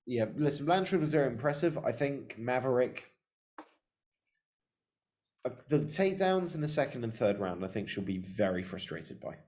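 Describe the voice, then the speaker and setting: A man co-hosting a podcast, speaking in a casual, steady way and moving the talk along. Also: mid-range voice, normal speed. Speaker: podcast co-host. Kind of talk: casual chat.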